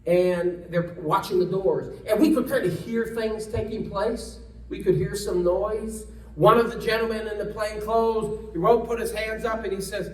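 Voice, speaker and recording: A man's voice: high-pitched, fairly even intonation, normal speed, few pauses, reverberant, far from the mic, rough recording. A man giving a storytelling speech at a luncheon, acting out the people he quotes, with frequent restarts. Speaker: congressman giving a guest talk. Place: luncheon event room, indoors.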